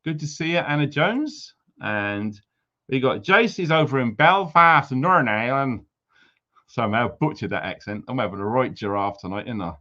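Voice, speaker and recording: A man's voice: mid-range voice, a bit bright, muffled recording. A man hosting a casual livestream, greeting viewers with jokey, teasing banter. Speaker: livestream host.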